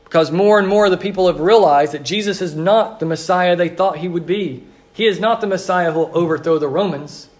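A man pastor preaching a sermon in an earnest, repetitive liturgical cadence, slowing down on emphatic phrases. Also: sits high.

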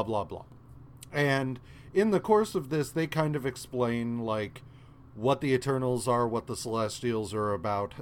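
A man co-hosting a podcast, retelling a comic story in casual chat with many fillers and restarts. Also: mid-range voice. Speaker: podcast co-host.

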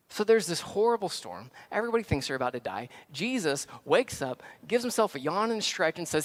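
A man preaching a conversational sermon as pastor, swinging from hushed reflection to loud, excited acted-out scenes. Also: on the high side, a little fast.

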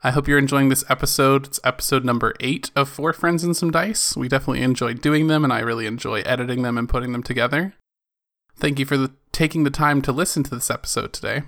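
A man's voice: medium pitch, fast talker, a bit bright. Upbeat man hosting a podcast. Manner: joking, upbeat. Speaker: podcast host and editor. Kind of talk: casual chat and podcast sign-off.

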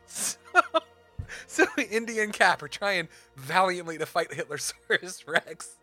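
A young man co-hosting a casual podcast, animated and playful, building up dramatic fan crossover stories. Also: high-pitched. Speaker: podcast co-host.

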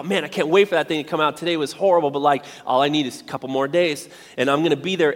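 A man preaching a sermon as pastor, conversational and animated, with playful asides. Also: a little high. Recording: reverberant hall.

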